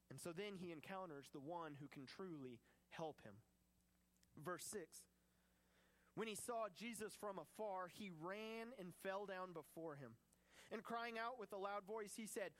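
Guy preaching a sermon, kinda high voice, gets real animated telling the story. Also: unhurried. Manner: animated, acts out scripture voices.

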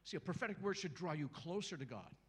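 A middle-aged man preaching a sermon to a church congregation, lively and joking, acting out little voices and calling out to the crowd. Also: fairly high pitch, fast talker, slightly rough. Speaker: guest preacher.

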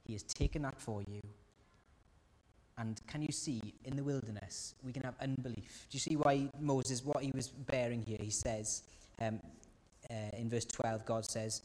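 A man preaches in an earnest voice of middling pitch, pressing his listeners with question after question. His words ring out with a long reverb, as in a large church hall. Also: normal speed, a little mellow. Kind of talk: sermon.

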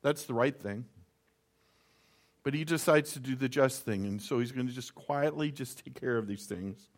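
A middle-aged pastor reads scripture aloud during a sermon and explains it conversationally, sharing stories from home. His voice is medium-pitched and fairly quick.

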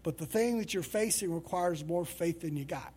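A man's voice: a little high, normal speed, a little mellow, a little hiss or hum. A male pastor preaching a sermon in a conversational, storytelling way.

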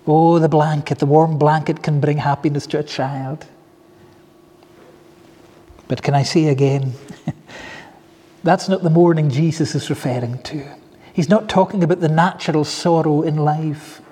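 A pastor preaches a sermon, telling stories earnestly and warmly with soft asides. His mellow, husky voice is on the high side and steady, a little slow with frequent pauses. The long reverb of a large hall surrounds the sound.

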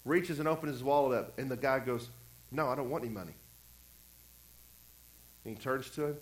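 A man's voice: mid-range voice, brisk, roomy sound, low-quality recording. A man pastor preaching a conversational sermon, acting out quotes and repeating phrases. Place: church.

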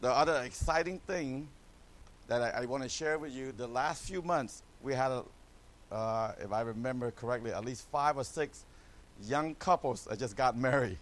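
A man's voice: medium pitch, moderate pace. A middle-aged man from Cambodia, a missionary pastor giving a church a joking mission update full of "amen?" asides.

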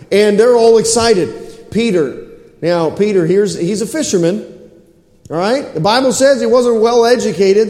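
High-voiced preacher in an echoey hall. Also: male voice. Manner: lively storytelling, acting out the scripture. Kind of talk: sermon.

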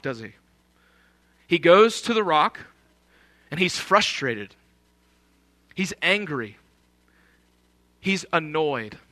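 A man's voice: fairly high pitch, bright, forceful tone. A man preaching a sermon in an emphatic, conversational way, often posing rhetorical questions.

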